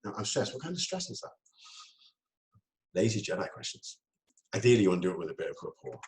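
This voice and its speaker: A man with a somewhat low voice gives a talk on communication. He keeps it lively, breaking into laughter and acting out short quoted exchanges to make his points. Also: quick pace, poor audio. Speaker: speaker.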